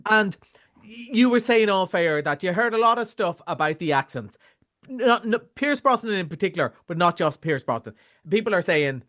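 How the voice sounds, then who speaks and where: A man's voice: high-pitched, sing-song, fairly quick, a bit bright. An Irish man chatting casually as a film reviewer, rambling with many restarts. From Ireland. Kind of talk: casual chat.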